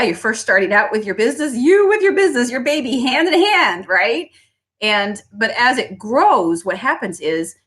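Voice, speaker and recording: A woman who owns a small business, giving a motivational talk on pricing, often asking "right?" and acting out customers. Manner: animated, acts out customers in high voices, asks "right?" often.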